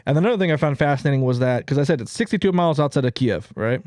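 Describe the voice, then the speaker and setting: A man's voice: medium pitch, lively intonation, rapid-fire, a little mellow, no room sound, clean studio sound. A man hosting a podcast, telling a history story in a joking, casual way with plenty of fillers. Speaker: podcast host.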